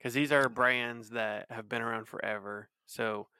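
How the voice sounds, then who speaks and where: A man's voice: medium pitch, fairly even intonation, unhurried, sharp tone, clean tone, no room sound, studio quality. A man in his thirties co-hosting a podcast, chatting casually and rambling with lots of fillers and restarts. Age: 30s. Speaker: podcast co-host. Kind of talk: casual chat.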